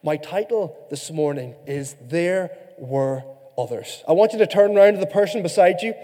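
A man with an Irish accent preaching a sermon as a pastor, reading scripture slowly and then rallying the congregation with humor. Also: fairly high pitch, lively intonation, warm tone. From Ireland. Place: church sanctuary. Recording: long hall reverb.

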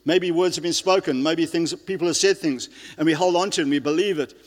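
A man's voice: fairly high pitch, a little fast. A male pastor giving an earnest sermon, often restarting his sentences and using fillers. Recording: long reverb of a large hall.

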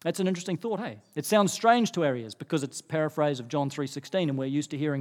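Delivering his sermon at a quick pace, a middle-aged pastor with a bright, high voice sends his words into a long, reverberant church hall. He grows animated and rises in pitch whenever he emphasizes a point.

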